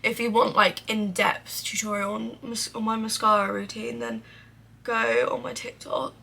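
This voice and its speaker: A woman's voice: fairly high pitch, level tone, normal speed, vocal fry, pushed and bright, breathy edge. A young woman chatting casually while doing her makeup, rambling with lots of "like" and some swearing. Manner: drops to a mutter while applying makeup. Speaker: beauty vlogger. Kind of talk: casual get-ready-with-me chat.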